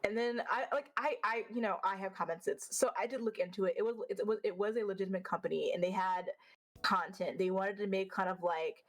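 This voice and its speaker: A young woman from the southern United States, telling blunt, animated stories with swearing as a guest in a casual interview. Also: medium pitch, brisk. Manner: blunt, animated storytelling with swearing and acted quotes.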